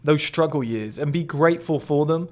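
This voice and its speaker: A man's voice: on the high side, moderate pace, a little mellow. A man in his late twenties giving a blunt, profane motivational monologue to other men, boastful and direct. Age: 20s. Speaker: men's lifestyle creator.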